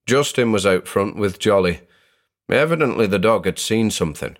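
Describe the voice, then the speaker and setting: A deep, low-voiced young Englishman reads a first-person horror story. His delivery is measured and suspenseful, and it builds dread in the quiet passages. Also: lively intonation. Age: young adult. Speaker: narrator. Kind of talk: scripted horror narration.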